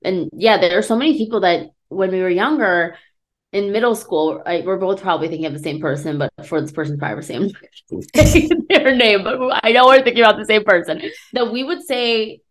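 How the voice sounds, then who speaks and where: A woman's voice: medium pitch, brisk. A young woman from the United States co-hosting a podcast, talking in an earnest, reflective way. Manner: earnest, reflective, thinks aloud. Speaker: podcast co-host. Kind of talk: casual chat.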